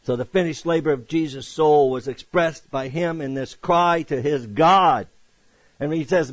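A man preaching a sermon. He reads scripture aloud, rising to loud emphatic peaks and then dropping to hushed, low passages. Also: normal speed, no room sound, rough recording.

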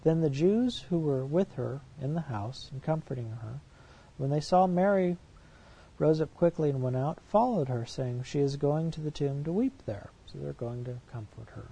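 A man's voice: a little high, normal speed, gravelly, dark tone, husky, poor audio. A man preaching a sermon, reading scripture verses aloud and commenting on them with rhetorical questions in an earnest, emphatic way.

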